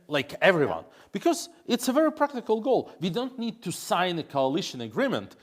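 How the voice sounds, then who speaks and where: A man, answering interview questions in English with frequent fillers and restarts. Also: mid-range voice. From Russia. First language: Russian. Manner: hesitant, many fillers and restarts. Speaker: interview guest, opposition politician.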